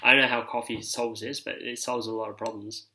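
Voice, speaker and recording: A man's voice: medium pitch, flat delivery, brisk, sharp tone, rough recording. A man chatting casually about fragrances, with a loose manner full of fillers and asides, sometimes reading reviews aloud. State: ears ringing after a shower. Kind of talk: casual rambling chat.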